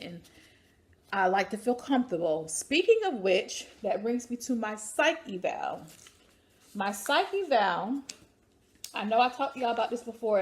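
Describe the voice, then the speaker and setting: A young woman chats straight to her viewers in a casual vlog. She tells her story in a lively, animated way. Her voice sits at an ordinary middle pitch. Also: gravelly. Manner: chatty, animated, addresses viewers as y'all. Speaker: vlogger.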